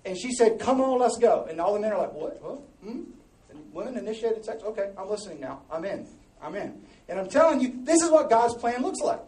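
A man preaching a sermon to a congregation, animated and joking, his voice rising and dropping as he reads and explains scripture. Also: sits high, quick pace. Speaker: pastor. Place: large church hall. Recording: echoey hall, mic at a distance.

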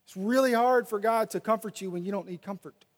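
A male pastor preaching a sermon and reading scripture aloud, swinging between loud and soft delivery. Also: high-pitched, fairly quick. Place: church sanctuary. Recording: long reverb of a large hall.

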